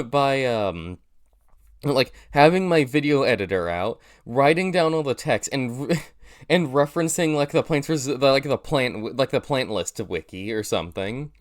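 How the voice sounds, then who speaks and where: A young man with a nasal voice, rambling through casual reaction commentary with lots of fillers and restarts, poking fun at himself. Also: mid-range voice. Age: young adult. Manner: rambling, self-deprecating, many fillers and restarts. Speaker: YouTuber reacting to his old video.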